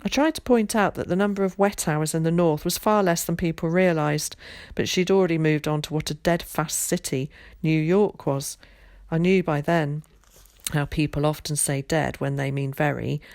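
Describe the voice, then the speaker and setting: Teacher, woman, reading a story aloud, lowish and measured, dry close mic. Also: a little mellow, no room sound. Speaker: primary school teacher. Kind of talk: reading a children's novel aloud.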